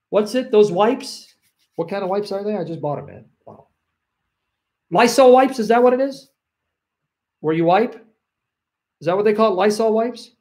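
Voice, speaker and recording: A man's voice: high-pitched, darkish tone. A man preaching to an online audience, acting out selfish voices that defy God and repeating phrases for emphasis. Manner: acts out selfish voices talking back to God, then tells a personal story. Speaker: Christian preacher.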